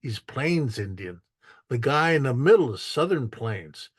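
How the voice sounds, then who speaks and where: A man's voice: medium pitch, big pitch swings, a little slow, slightly rough, no echo, clean studio sound. A man giving a casual artist talk as a photographer, telling stories about his photos in a rambling way, with restarts and acted-out quotes. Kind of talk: casual storytelling while showing photos.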